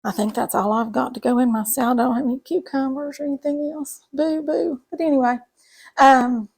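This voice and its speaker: A woman's voice: sits high, fairly even intonation, fairly quick, darkish tone, slightly rough. A middle-aged woman, chatting folksily to viewers while cooking in her home kitchen. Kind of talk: casual cooking chat to camera.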